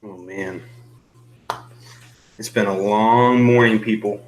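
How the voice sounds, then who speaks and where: A man's voice: on the low side, steady tone, slow pace, a little hiss or hum. A young man hosting a casual live-stream chat, rambling and laughing nervously, a little out of breath. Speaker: host.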